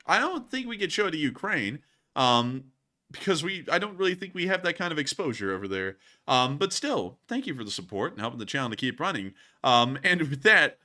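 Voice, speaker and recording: A male livestream host whose voice sits a little high and swings about as he jokes and rambles between viewer questions. His tone is bright and forceful, with frequent laughter. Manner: laughs often, jokey and rambling. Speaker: news stream host. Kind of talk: casual livestream chat.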